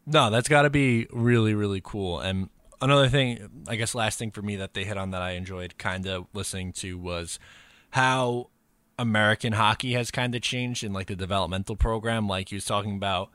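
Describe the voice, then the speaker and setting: A man's voice: lowish voice, fairly quick, fairly bright tone, no room sound. A man co-hosting a sports podcast, easygoing and agreeable, full of fillers. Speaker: podcast co-host. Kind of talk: casual sports chat.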